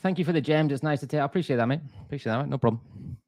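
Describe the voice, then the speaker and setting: A man's voice: a little high, rapid-fire, a little mellow, dry recording. A man talking casually on a live trading stream, chatty and self-deprecating, full of restarts and asides to viewers. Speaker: forex trader streamer.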